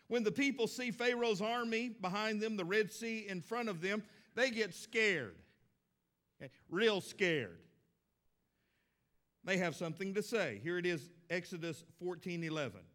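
A man's voice: sits high, a bit bright. A middle-aged man preaching a sermon as a pastor, folksy and conversational with emphatic stresses.

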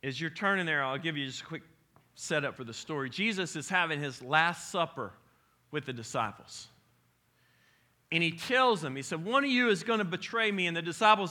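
Bright-voiced pastor preaching. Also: male voice, fairly high pitch. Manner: animated, conversational preaching with rising emphasis. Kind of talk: sermon.

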